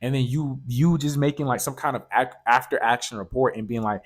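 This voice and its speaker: A man with a slightly husky voice hosts a motivational podcast. He speaks straight to the listener in a loose, earnest, coaching tone, doubling back on his words and leaning on "like" and "right?" as he goes. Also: mid-range voice, steady tone, a little fast, few pauses. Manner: casual, repeats himself, fills with "like" and "right?". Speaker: podcast host.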